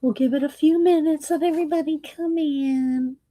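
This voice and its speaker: A woman, hosting a casual livestream, chatting slowly with viewers and laughing often, her voice a little croaky. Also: sits high, fairly even intonation, warm tone. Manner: slow, chatty, laughs often, Southern "y'all". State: slightly croaky voice. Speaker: livestream host.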